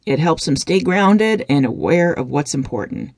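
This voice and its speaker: A woman's voice: low voice, animated, moderate pace, darkish tone, dry recording, clean studio sound. A woman reading the part of a wealthy young man who speaks earnestly about his family.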